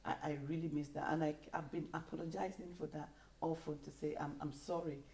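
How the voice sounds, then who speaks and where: Earnest woman with a low, mellow voice. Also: level tone, a little fast, vocal fry, poor audio. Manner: earnest, repeats herself. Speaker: bereaved daughter. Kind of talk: personal sharing in a group conversation.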